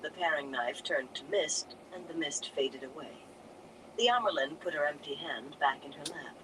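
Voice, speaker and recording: A narrator reading a fantasy novel aloud in a steady storytelling manner. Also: medium pitch, moderate pace, noisy background. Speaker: audiobook narrator.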